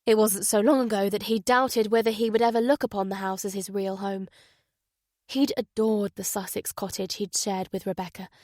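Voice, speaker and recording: A woman reading a thriller audiobook in an even, measured narration. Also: mid-range voice, dry recording, clean studio sound. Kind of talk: scripted narration.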